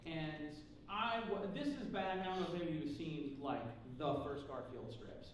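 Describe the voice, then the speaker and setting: A man's voice: a little high, lively intonation, normal speed. Joking man in an echoey hall. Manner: joking, self-mocking, acts out quoted dialogue. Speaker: convention panel guest. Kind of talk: comedic storytelling to a live audience. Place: large convention panel hall. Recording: echoey hall from far off, noisy.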